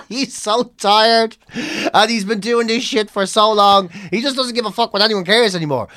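Animated, swearing comedian. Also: male voice, high-pitched, measured pace, no echo, clean studio sound. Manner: animated, swears freely, storytelling. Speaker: comedian and podcast co-host. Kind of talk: casual podcast chat.

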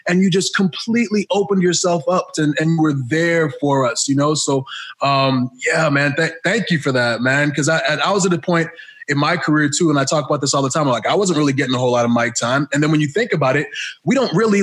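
A man's voice: a little high, brisk, fairly bright tone. A man hosting a podcast, speaking earnestly and reflectively with lots of fillers. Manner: earnest, reflective, many fillers like "you know". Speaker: podcast host, wrestler. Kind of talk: casual chat.

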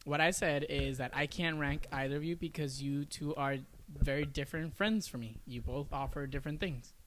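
A man's voice: on the high side, normal speed, a bit bright, slight background noise. A man co-hosting a casual chat among friends, telling stories in a rambling, joking way and laughing often. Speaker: podcast co-host.

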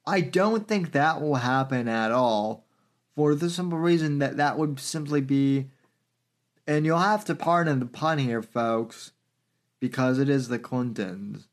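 A man hosting a political commentary podcast, talking in a halting way with many fillers. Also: medium pitch. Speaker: podcast host.

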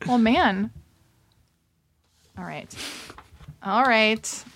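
A woman's voice: fairly high pitch, extremely slow, fairly bright tone. A woman hosting a casual interview, teasing her guest with rambling, playful questions. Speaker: host.

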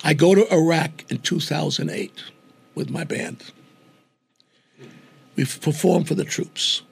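A gravelly older New Yorker, appearing as a guest entertainer, tells a story in conversation at a slow pace. His voice is strongly raspy and a bit high for a man, and he tells it with animation, acting out the voices of the people involved.

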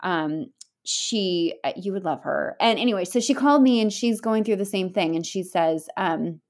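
A woman's voice: mid-range voice, lively intonation, moderate pace, darkish tone. Earnest woman telling a rambling story. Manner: earnest, rambling storytelling with many restarts and fillers; blunt, swears casually. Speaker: podcast guest. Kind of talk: candid conversational interview.

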